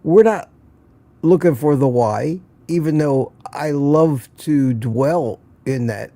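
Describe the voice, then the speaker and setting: Slow, mellow-voiced older man hosting. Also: fairly high pitch. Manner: rambling, musing, with sighs and restarts. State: out of breath. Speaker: livestream host. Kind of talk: casual morning talk.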